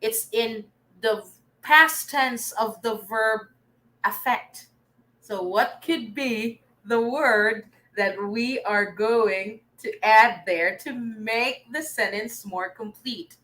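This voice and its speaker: Filipino lady teacher, slow and bright, cheering the class on. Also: on the high side, rough recording. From Philippines. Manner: encouraging, coaxing students. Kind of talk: online tutorial lesson.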